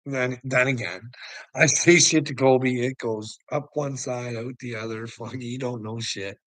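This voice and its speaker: A man's voice: mid-range voice, steady tone, a little slow, a bit bright, dry recording, rough recording. A man hosting a casual livestream, ranting profanely and rambling, laughing often as he talks. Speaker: livestream host.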